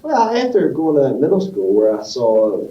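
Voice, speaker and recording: A man's voice: medium pitch, wildly swooping pitch, normal speed, echoey room, recorded from a distance, dull audio. A man being interviewed, telling rambling stories about his youth and acting out other people's voices.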